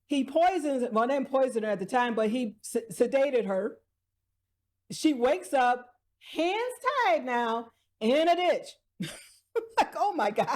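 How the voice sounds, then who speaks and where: High-voiced woman rambling through a recap. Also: lively intonation, takes it slowly. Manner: chatty, laughs often, restarts sentences. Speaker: drama review vlogger.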